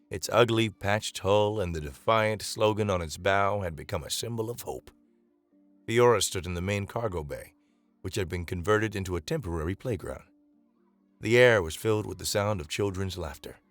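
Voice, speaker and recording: A low-voiced man reads a dramatic science-fiction story at an even, measured pace. A faint music bed runs under his reading. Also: dry recording. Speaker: narrator. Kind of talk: dramatic sci-fi story narration.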